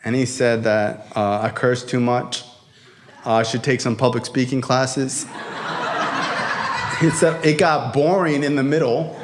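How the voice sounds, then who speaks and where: A man in his thirties telling his recovery story to a convention audience, in a raw, profane, emphatic way that rises to shouts. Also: mid-range voice, steady tone, measured pace, long pauses, heavy background noise. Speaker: recovery speaker. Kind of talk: storytelling talk to a crowd. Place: convention hall before an audience.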